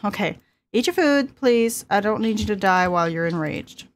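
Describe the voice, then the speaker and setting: Playing through a game as a let's play host, this twenty-something woman is chatty and giggly, addressing her characters directly. She speaks at normal speed in an expressive, mid-range voice.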